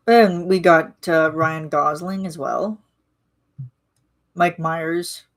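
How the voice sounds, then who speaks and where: Chatty woman, low-pitched. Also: fairly even intonation, extremely slow. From Canada. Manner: rambling, chatty, frequent restarts and fillers. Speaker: streamer chatting with viewers. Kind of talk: casual live-stream chat.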